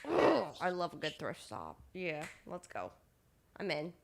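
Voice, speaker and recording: A woman's voice: sits low, sing-song, measured pace. A woman co-hosting a morning radio show in a studio, playful and eager. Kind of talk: casual morning radio chat.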